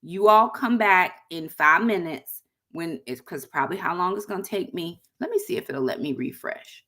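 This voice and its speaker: A woman's voice: fairly low pitch, animated, normal speed, a bit bright. A middle-aged woman chatting casually to viewers on a livestream, addressing them as y'all. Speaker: vlogger hosting a livestream.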